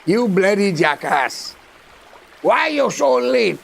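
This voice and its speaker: A man's voice: sits high, sing-song, slow pace, vocal fry, fairly bright tone, heavily acted. A man with a Guyanese accent voicing a fat, greedy male pig who insults his keeper. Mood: scornful.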